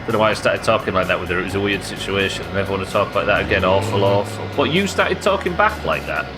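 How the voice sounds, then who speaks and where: Chatty low-voiced man streaming a game. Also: animated, quick pace, poor audio. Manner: chatty, reads chat aloud, jokey. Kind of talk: live gameplay commentary. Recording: game music behind.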